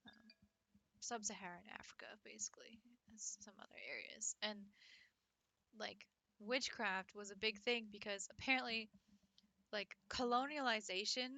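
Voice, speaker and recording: A woman's voice: medium pitch, bright, forceful tone, no room sound. A young woman, a French teacher, chatting casually with her stream viewers, talking loosely with many "likes" and laughing often.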